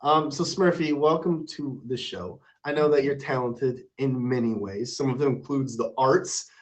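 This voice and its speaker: A man's voice: mid-range voice, moderate pace. A man hosting a live stream, chatting casually and playfully with his guest and viewers. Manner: animated, playful, shouting out supporters. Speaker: stream host.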